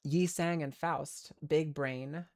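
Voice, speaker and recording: A woman's voice: deep voice, steady tone, slow pace, a little mellow. A woman voicing a brash, boastful young man with a put-on American Southern accent, speaking in a swaggering, casual way. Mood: cocky.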